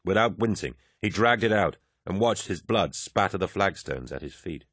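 A man narrating an audiobook in a measured, dramatic storytelling manner. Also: sits low, animated, a bit bright, no room sound, clean studio sound.

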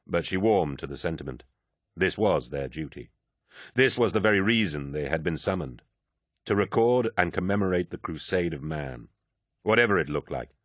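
A man narrating an audiobook in a measured, low-key storytelling manner. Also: no room sound, clean studio sound. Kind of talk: scripted narration.

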